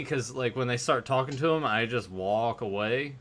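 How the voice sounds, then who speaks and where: A young man co-hosts a casual podcast, spinning a story and slipping into quick impressions of the people in it. His voice is bright and forceful, with faint noise behind it. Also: mid-range voice. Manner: storytelling, mimics others' voices. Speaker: podcast co-host.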